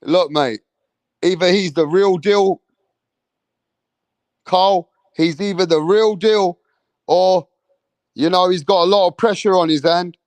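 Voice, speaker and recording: A young male boxing livestream host with a high-pitched voice takes his time and pauses often. His casual chat is slangy and repetitive, and he reads out viewer comments; the recording is dry.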